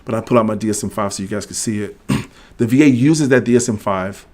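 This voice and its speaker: A man's voice: fairly low pitch, fast, a little mellow. A middle-aged man hosting a livestream. He explains regulations casually, reads legal text aloud, and jokes with viewers in the chat. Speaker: host of a veterans' benefits livestream.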